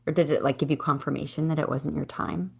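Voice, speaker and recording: A woman hosting an interview, asking questions softly and slowly between brief affirmations. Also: low-pitched, fairly even intonation, vocal fry, slightly rough. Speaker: podcast host.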